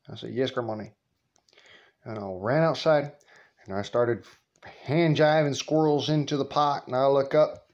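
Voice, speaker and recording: Slow-talking profane male storyteller. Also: mid-range voice, a little mellow, lo-fi sound. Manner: rambling, profane, colloquial. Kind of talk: casual storytelling vlog.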